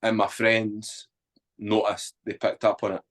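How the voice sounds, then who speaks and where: Guy on a podcast, lowish voice, blunt and sweary, just telling his story. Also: measured pace. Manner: blunt, swears freely, animated retelling. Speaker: podcast guest. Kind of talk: candid storytelling.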